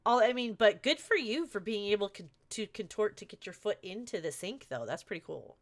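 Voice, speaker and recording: A woman's voice: mid-range voice, animated, fairly quick. A woman streaming a game live, chatting casually and gushing over her chat. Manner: bubbly, gushes over chat.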